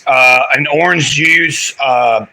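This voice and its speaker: A man's voice: medium pitch, takes it slowly, gravelly, pushed and bright, poor audio. A man chatting casually on a livestream, rambling through his day and talking straight to his viewers.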